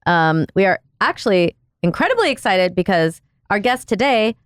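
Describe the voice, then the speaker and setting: A woman co-hosting a parenting podcast, with dry deadpan humor in casual chat. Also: mid-range voice, normal speed, clear, resonant tone, no echo. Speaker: podcast co-host.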